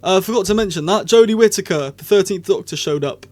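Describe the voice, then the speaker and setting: A man with a fairly high voice talks through his opinions in a loose, rambling way. He restarts sentences often and laughs now and then between points. It sounds like a casual spoken review. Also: quick pace, a little mellow. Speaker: show reviewer.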